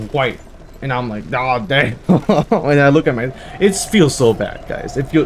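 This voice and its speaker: A man's voice: medium pitch, a little hiss or hum. Rambling young man telling stories over gameplay. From United States. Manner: rambling, animated storytelling with laughs and profanity. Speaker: gaming channel host. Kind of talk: casual let's-play chat with war stories.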